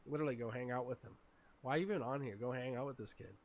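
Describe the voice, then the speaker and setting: Raspy guy doing live tarot readings, chatty, laughs a lot, talks to chat. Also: mid-range voice, fast, darkish tone. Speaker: tarot reader.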